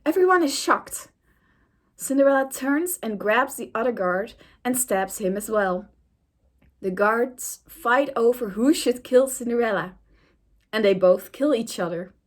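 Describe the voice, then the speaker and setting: A woman's voice: a little high, a little slow. A young woman and YouTuber reading an AI-written story aloud in a casual, amused way.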